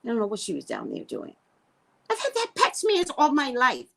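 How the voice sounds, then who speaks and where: A woman who works as a psychic, telling a story in a casual, profane way and swinging between loud and hushed. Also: on the high side, wildly swooping pitch, moderate pace, vocal fry, slight background noise.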